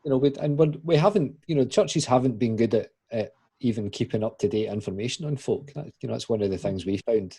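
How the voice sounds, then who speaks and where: Husky man hosting. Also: medium pitch, fast talker, dark tone. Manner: rambling questions, many restarts. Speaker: podcast host. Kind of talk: casual podcast interview.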